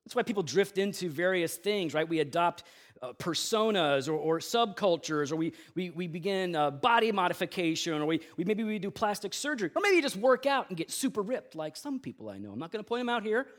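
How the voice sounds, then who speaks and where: A man preaching a Good Friday sermon with intense, swinging delivery, casual asides and slang between loud emphatic lines and hushed low ones. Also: expressive, fairly quick. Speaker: pastor.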